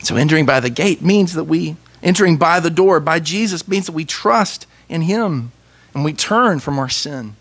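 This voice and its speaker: A young male pastor preaching with real feeling. His voice sits fairly high and swings widely in pitch, lingering on key words with emphatic pauses. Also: lively intonation, a bit bright. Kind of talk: sermon.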